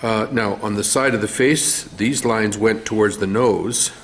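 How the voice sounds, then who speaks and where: A man's voice: on the low side, measured pace, slight background noise. A man teaching art, talking through a face drawing one step at a time while he draws, with some fillers. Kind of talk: drawing tutorial demonstration.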